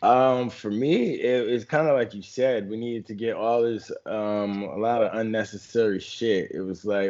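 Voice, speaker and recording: A man's voice: on the low side, a little slow, few pauses, darkish tone, highs cut off. A man co-hosting a podcast, talking in a loose, laid-back, slangy way. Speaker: podcast co-host. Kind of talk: casual chat.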